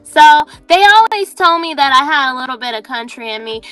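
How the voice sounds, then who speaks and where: A woman's voice: high-pitched, lively intonation, a little fast, fairly bright tone, dry recording, soft background music, poor audio. A woman guest from Arizona, answering briefly in a casual remote interview and laughing often. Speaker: guest artist. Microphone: remote video call.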